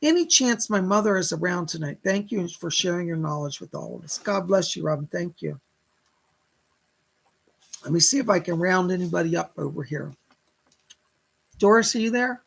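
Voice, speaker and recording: Guy doing a live psychic reading, husky and gravelly, chatty, keeps going "she said". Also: high voice, animated, normal speed, pauses often. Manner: chatty, relays spirit messages with constant "she said"; warm thanks to viewers for donations.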